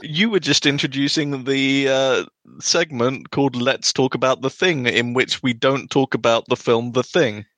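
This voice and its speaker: A man co-hosting a podcast, making teasing, deadpan jokes in casual conversation. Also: medium pitch, normal speed, dry recording. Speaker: podcast co-host.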